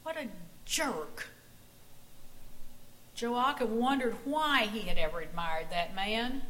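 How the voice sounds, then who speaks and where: A woman preacher telling a dramatic story in a church sanctuary, often hushing her voice to a near whisper. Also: mid-range voice, rough recording. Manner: dramatic, hushed storytelling with dropping voice. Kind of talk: storytelling sermon.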